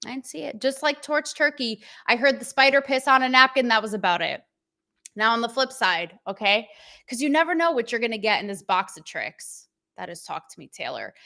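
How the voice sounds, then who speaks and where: A woman's voice: medium pitch, sharp tone. Brash, blunt woman hosting a live chat. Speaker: show host. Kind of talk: livestream commentary to chat.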